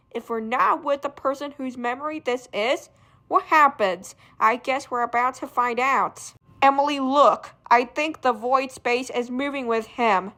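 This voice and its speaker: Woman reader with a bright, high voice; unhurried graphic novel read-aloud with character voices. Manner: shouts sound effects and alarmed lines. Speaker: fan reader.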